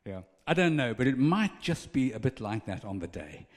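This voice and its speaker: A man's voice: medium pitch, sing-song, moderate pace, few pauses, big-room sound. A man preaching a conversational sermon and acting out little scenes.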